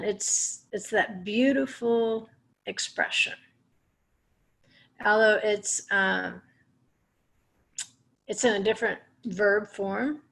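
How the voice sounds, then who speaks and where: A woman's voice: mid-range voice, vocal fry, fairly bright tone. A woman teaching a Torah portion lesson, explaining Hebrew words step by step with small restarts. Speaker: Bible teacher.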